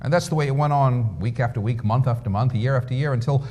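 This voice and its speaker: A man, a rabbi, giving a lecture that moves between storytelling and measured rhetorical questions put to his audience. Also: medium pitch, darkish tone. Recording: lecture hall with long reverb.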